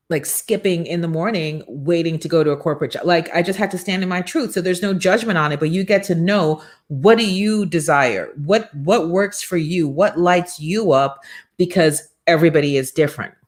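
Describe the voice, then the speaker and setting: Woman host, middle-aged, motivational livestream talk, energetic and preachy, slightly low voice. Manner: energetic, preachy, acts out quotes with shifting voice. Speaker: morning show host.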